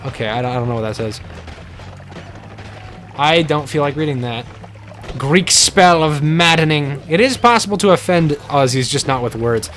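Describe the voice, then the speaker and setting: A male streamer talks through his game in a loose, rambling, playful way, chatting with viewers as he plays. His voice sits at an ordinary middle pitch. Faint game music plays underneath. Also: expressive, fairly quick, pauses often, fairly bright tone. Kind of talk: casual live-stream game commentary.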